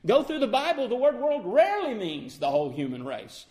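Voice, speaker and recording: Male preacher, sermon, high voice, measured scripture quoting, emphatic declarations. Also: wildly swooping pitch, darkish tone. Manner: rises to emphatic declarations, then drops low and slow; quotes old-style scripture wording in a measured cadence.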